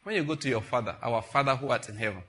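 A middle-aged man, preaching a sermon as a pastor in an animated, conversational way. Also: mid-range voice, fast. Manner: animated and conversational, acting out dialogues.

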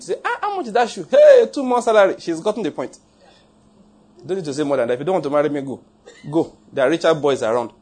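A pastor preaches a sermon in a jokey, emphatic style, laughing at his own points and repeating lines for effect. His voice sits on the high side and is a little mellow.

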